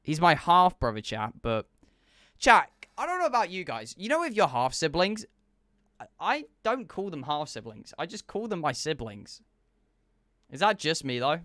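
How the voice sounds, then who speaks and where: A man's voice: a little high, moderate pace, dry recording. A young man, a streamer, chatting casually and joking back and forth with his live chat. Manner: animated, joking banter with chat.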